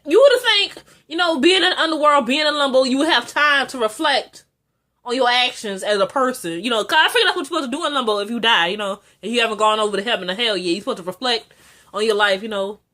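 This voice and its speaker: A young woman talking through a TV episode in a loose, casual vlog. She is chatty and excitable, with plenty of fillers and asides, and her voice sits at an ordinary middle pitch for a woman. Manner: chatty and excitable, frequent "like" and filler, jumps high when excited. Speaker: TV episode reviewer.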